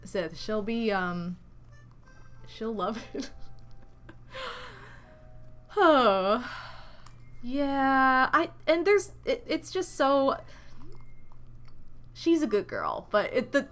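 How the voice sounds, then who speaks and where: A woman's voice: fairly high pitch, fairly bright tone. A woman in her thirties, chatting casually and rambling on a live game stream, greeting viewers, while talking around a retainer. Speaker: streamer playing a video game. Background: faint game music.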